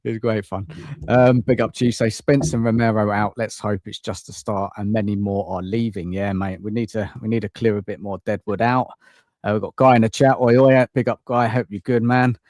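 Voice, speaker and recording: A man's voice: on the low side, fairly even intonation, fairly quick, darkish tone, dry recording, studio quality. A man hosting a live stream, laid-back and friendly. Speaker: host.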